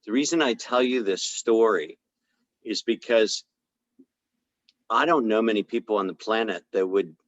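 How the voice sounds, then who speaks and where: A man, a chiropractor, telling a story in a relaxed conversational way, acting out the dialogue and using plenty of fillers. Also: on the low side, moderate pace, long pauses, dry recording, lo-fi sound. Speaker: chiropractor speaking on a health podcast. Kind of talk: casual storytelling talk.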